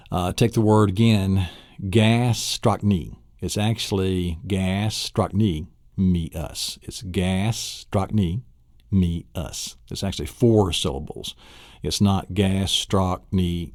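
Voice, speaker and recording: Deep-voiced man teaching spelling. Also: darkish tone, no echo, studio quality. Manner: spells words out letter by letter; asks the listener rhetorical questions. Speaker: spelling instructor. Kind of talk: recorded spelling lesson.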